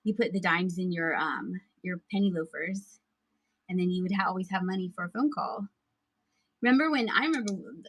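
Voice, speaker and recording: A woman's voice: mid-range voice, fairly quick, fairly bright tone, slightly rough, dry recording, poor audio. A woman hosting a live thrift sale, chatting casually with viewers and laughing often. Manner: chatty, giggly, talks to chat viewers. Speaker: live-stream thrift seller. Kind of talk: casual live-selling chat.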